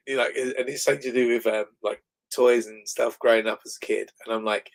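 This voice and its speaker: A man's voice: mid-range voice, flat delivery, brisk. A man chatting casually on a livestream, rambling and restarting his sentences. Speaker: comic book creator.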